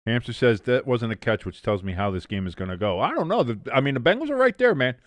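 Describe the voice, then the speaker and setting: A young man with a mid-range, sing-song voice talks fast, casually commenting live on a football game for his watch-along stream. He reads chat aloud and swears freely, and the recording is dry.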